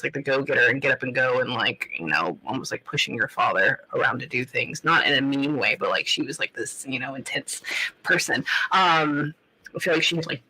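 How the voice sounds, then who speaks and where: Bright, halting woman medium. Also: very deep voice, rough recording. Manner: halting, keeps pausing to say hold on; loose casual talk full of like and um. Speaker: psychic medium. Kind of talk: live psychic reading on a talk show.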